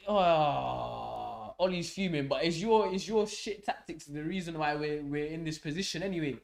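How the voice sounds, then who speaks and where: A young man hosting a live football watch-along, swearing and shouting at the match as it unfolds. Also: a little high, normal speed, gravelly. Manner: swearing, excitable, shouts at the game. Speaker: fan channel host.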